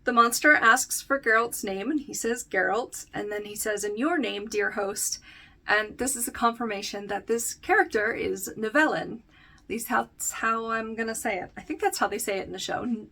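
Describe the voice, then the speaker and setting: A woman's voice: on the high side, moderate pace, pushed and bright. A young woman casually recapping a fantasy novel against its TV adaptation, chatting with many fillers, laughing often and reading short passages aloud. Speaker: book reviewer. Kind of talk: casual book-versus-show recap.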